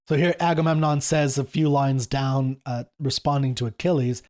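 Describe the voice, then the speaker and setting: A middle-aged man hosting a casual lesson on an epic poem, reading quoted speeches slower and lower than his explaining. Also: fairly even intonation, a little mellow. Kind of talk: casual lecture with read-aloud quotes.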